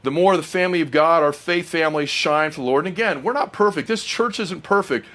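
A man's voice: on the high side, fairly quick, fairly bright tone. A middle-aged man preaching a sermon, earnest and personal, often asking the congregation questions.

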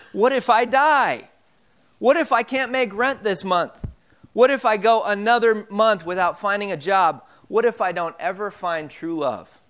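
Smooth-voiced young male pastor preaching. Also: high-pitched, fairly bright tone. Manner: casual storytelling with frequent fillers. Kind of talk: sermon.

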